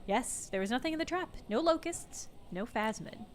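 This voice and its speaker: A woman's voice: high-pitched, expressive, moderate pace. A woman streaming a video game, reading the narration aloud and mixing in playful comments as she thinks aloud.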